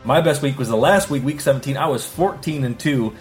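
A man's voice: mid-range voice, brisk, faint music behind. A man co-hosting a casual sports podcast, hyping results and singing out "ding" for each correct pick. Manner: hypes announcements, sings out "ding" on picks. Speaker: podcast co-host.

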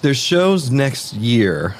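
A man's voice: medium pitch, sing-song, very slow, slight background noise. A man, a musician guest on a podcast, chatting casually in a laid-back way that trails off and restarts. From Southern Oregon, United States. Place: lodge room.

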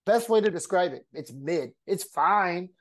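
A man co-hosting a podcast in casual banter, an animated, jokey storyteller who laughs often and acts out the voices of people he quotes. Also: sits high, unhurried. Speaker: podcast co-host.

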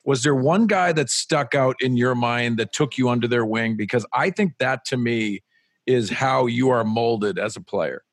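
Dry-sounding measured co-host. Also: male voice, mid-range voice, no room sound. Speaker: sports show co-host. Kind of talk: interviewing a guest.

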